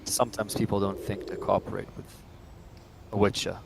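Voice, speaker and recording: Man, low gravelly voice, measured formal tabletop player, noisy background. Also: level tone. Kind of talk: in-character tabletop play.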